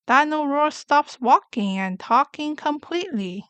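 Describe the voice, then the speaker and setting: A woman reading a children's picture book aloud with slow, clear, gentle narration. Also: high-pitched, no room sound.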